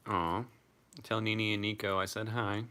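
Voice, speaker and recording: A man's voice: fairly low pitch, little pitch movement, unhurried, sharp tone. A young man casually chatting on a live stream, reading out viewer comments and swearing freely.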